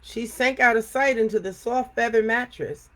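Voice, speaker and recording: A woman reading a children's storybook aloud, expressive, with little sound effects. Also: a little high, normal speed.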